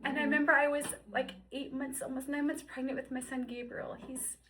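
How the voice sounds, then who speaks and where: A woman in her fifties telling her personal faith story, moving between hushed, whispered passages and excited, high-pitched bursts. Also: brisk, a crowd in the background, rough recording. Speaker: guest sharing testimony. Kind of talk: emotional personal testimony.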